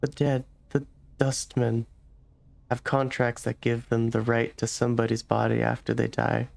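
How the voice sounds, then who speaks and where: A man's voice: medium pitch, monotone, normal speed. A man voicing an anxious middle-aged woman who speaks hesitantly in an old-fashioned dialect. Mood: worried. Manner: hushed, hesitant, rough old-world dialect.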